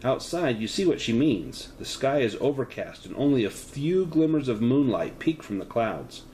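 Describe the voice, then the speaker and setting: Lively game master narrating horror. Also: male voice, moderate pace, a little hiss or hum, low-quality recording. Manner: descriptive, with lively pitch, offering choices.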